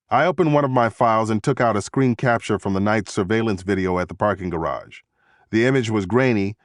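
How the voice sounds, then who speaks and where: A man reading a thriller audiobook in first person, measured and steady, recorded in a studio booth. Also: on the low side, dry recording. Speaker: audiobook narrator.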